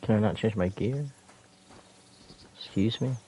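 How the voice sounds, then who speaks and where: A man's voice: on the low side, measured pace, warm tone, husky. A male streamer commenting on his gameplay in a profane, trash-talking way. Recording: game music in background.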